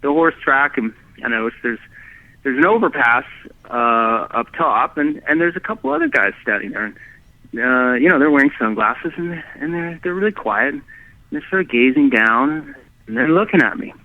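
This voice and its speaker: A man telling his own story as a guest, halting and animated, with many restarts and fillers. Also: mid-range voice, no room sound. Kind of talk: rambling first-person storytelling. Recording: dry tinny phone line.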